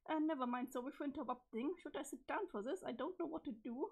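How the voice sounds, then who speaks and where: A woman's voice: high-pitched, fast, vocal fry. A woman reading the part of an eager, adventurous teenage boy in a webcomic, with exclamatory, quirky old-fashioned slang and a strained voice. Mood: excited. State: strained, failing voice. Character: excitable adventurous teenage boy, easily awed. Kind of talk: reading a webcomic's chat logs aloud.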